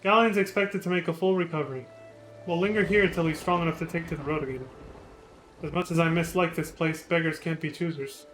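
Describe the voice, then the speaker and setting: A gruff, commanding resistance captain barks orders and scolds his men with rough affection, as a man reads the game's lines aloud. The voice sits high and the delivery stays firm. Soft game music plays underneath. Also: fairly even intonation, brisk, natural voice, low-quality recording. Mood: steady. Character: stern, fiercely loyal male resistance captain. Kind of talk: reading game dialogue aloud.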